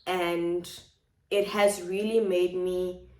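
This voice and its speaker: A South African woman vlogs from her home kitchen, confiding in viewers as she talks things through reflectively, repeating phrases. Her voice is fairly low, slow, a little mellow and fairly flat in pitch, and the kitchen sounds echoey.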